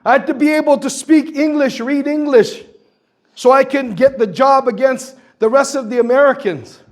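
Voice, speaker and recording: Guy in his 60s from guam, really high voice, earnest public speech, stacks up lists and questions. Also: normal speed. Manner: earnest, builds through lists and rhetorical questions. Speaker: community speaker at a public forum. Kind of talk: impassioned public testimony.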